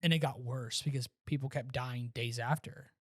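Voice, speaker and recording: A man co-hosting a casual movie-review podcast, retelling scenes in an animated way and often restarting his sentences. His voice sits at a middle pitch and is recorded close and dry, with no room sound. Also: moderate pace, husky, no room sound. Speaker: podcast co-host.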